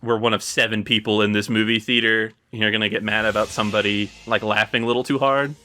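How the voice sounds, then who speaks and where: A man's voice: lowish voice, level tone, fast, sharp tone. A young man hosting a gaming chat, rambling through an anecdote with fillers and laughs. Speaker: gaming channel host. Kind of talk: casual chat while playing a game.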